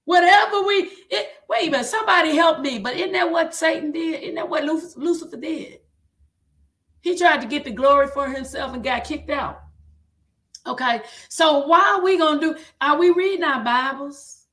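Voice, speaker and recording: A woman's voice: sits high, normal speed, fairly bright tone. A woman with a Southern drawl hosting a livestream for choir directors, preaching and reading viewers' comments aloud. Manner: exhorting, repeats "come on", reads viewer comments aloud. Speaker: host.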